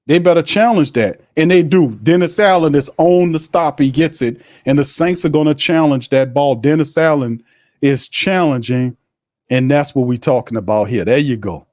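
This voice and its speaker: A man hosting a live watch party, calling the plays with excitement in casual slang, laughing often and chatting with his viewers. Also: fairly high pitch, moderate pace, dry recording, studio quality. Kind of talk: live play-by-play commentary on a stream.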